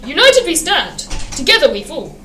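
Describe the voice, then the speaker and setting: A woman's voice: sits high, huge pitch swings, normal speed, bright, forceful tone, roomy sound, far from the mic, faint music behind, full character voice. A woman voicing a big, proud, boastful male express engine with a grand, chortling manner.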